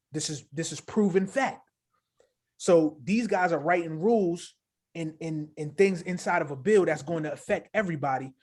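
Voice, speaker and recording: A man co-hosting a casual crypto livestream, talking in an animated, hyped way with a habit of tagging "right?" onto his sentences. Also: fairly high pitch. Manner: animated, hyped, repeats himself with filler "right?". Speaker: crypto show co-host.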